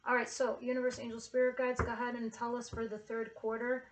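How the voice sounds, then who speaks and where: A woman's voice: on the high side, flat delivery, quick pace, background noise. A woman giving a casual tarot reading to camera, earnest and emotional, with casual swearing. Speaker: tarot reader.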